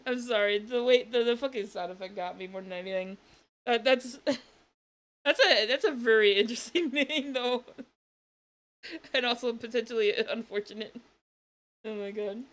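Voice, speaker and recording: A woman's voice: a little high, moderate pace, pauses often. A woman streamer chatting casually while reacting to a video, laughing often and swearing.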